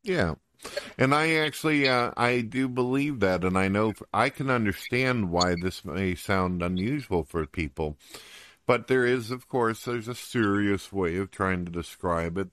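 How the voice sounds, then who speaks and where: A man's voice: on the low side, normal speed, no room sound. A man hosting a casual podcast chat. He jokes a lot and slips into silly quoted voices. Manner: animated, jokey, puts on silly quoted voices. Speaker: podcast host. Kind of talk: casual conversation.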